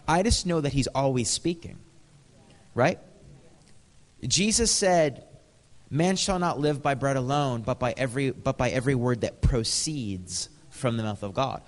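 An American man preaches a storytelling sermon in a casual, conversational manner, his slightly high voice very animated at a moderate pace. He chuckles often and acts out dialogue, and the audio has a long reverb tail.

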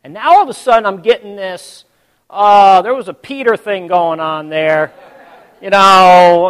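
A man preaching a sermon to his congregation, telling a story dramatically and swinging between hushed and loud, calling out to the listeners. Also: high-pitched, unhurried, long reverb tail. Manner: addresses the congregation directly.

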